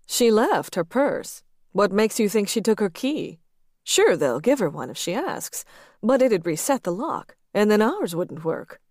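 A woman's voice: mid-range voice, very animated, a little slow, a little mellow, no echo, clean studio sound, pitched above the performer's own voice. A woman reading the part of a bold married man who coaxes and teases his partner in an audiobook. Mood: coaxing.

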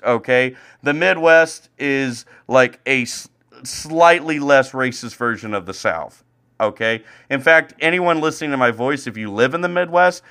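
A young man co-hosting a casual sports podcast rants angrily, swearing freely and swinging from loud outbursts to low, deflated mutters. His voice is bright, sharp-edged, clear and resonant. He sounds like a fed-up friend talking into a home streaming mic.

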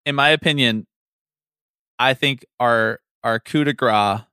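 A man's voice: mid-range voice, measured pace, pushed and bright, smooth, no echo, clean studio sound. A man co-hosting a casual sports podcast, talking loosely and swearing freely. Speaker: podcast co-host.

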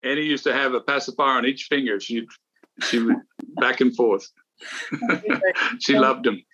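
A man's voice: medium pitch, moderate pace, sharp tone, highs cut off. A middle-aged man, a golf analyst and former champion, chatting casually and telling rambling anecdotes. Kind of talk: casual podcast chat.

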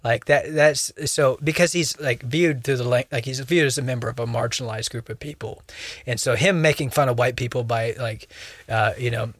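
Talking at a normal speed, this young co-host rambles through a casual podcast conversation, leaning on "like" and "you know" and often starting his sentences over. His voice is middle-pitched and fairly bright, captured close and dry with no room sound or echo.

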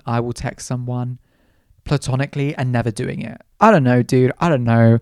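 A man's voice: mid-range voice, dry recording, clean studio sound. A young man hosting a solo podcast, chatting in a rambling way, questioning himself aloud and acting out quotes playfully. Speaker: podcast host. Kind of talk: casual solo podcast chat.

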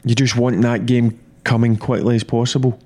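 A middle-aged man, a former player, talking football in a blunt, animated, repetitive way. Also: medium pitch, normal speed. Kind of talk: casual football chat.

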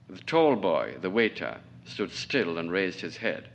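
A man in his forties from Trinidad, reading his own fiction aloud at a lecture in a measured, precise manner. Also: deep voice, very animated. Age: 40s. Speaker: novelist, lecturer.

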